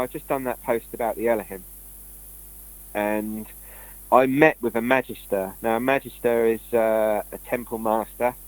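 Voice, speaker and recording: A man's voice: mid-range voice, dry recording, low-quality recording. Rambling man telling stories. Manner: loose, digressive storytelling with many restarts. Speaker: guest speaker on esoteric topics. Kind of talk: rambling conversational monologue.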